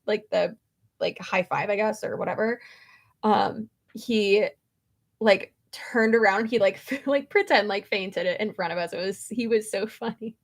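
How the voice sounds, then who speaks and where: A woman's voice: mid-range voice, gravelly. A woman vlogger chatting casually, rambling through a story with lots of fillers and restarts. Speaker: beauty vlogger.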